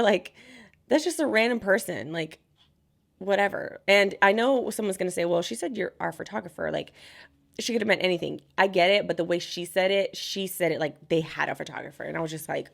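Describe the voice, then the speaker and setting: A young woman vlogger telling a casual storytime while unboxing makeup, animated and chatty, acting out what others said. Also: fairly low pitch, fairly quick, gravelly. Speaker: beauty vlogger.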